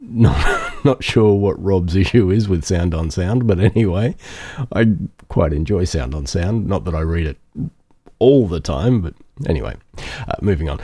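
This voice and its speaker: A man's voice: deep voice, a little slow, pauses often, husky. A man hosting a podcast, chatting casually and reading out a listener's essay, with frequent "uh" fillers. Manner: relaxed, chatty, with frequent "uh" fillers and small laughs. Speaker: podcast host.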